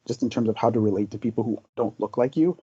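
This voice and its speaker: A man's voice: lowish voice, fast, dark tone, slightly rough, dry recording, lo-fi sound. A man who is the guest in an interview, telling personal stories in an earnest, thoughtful way. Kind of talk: reflective interview talk.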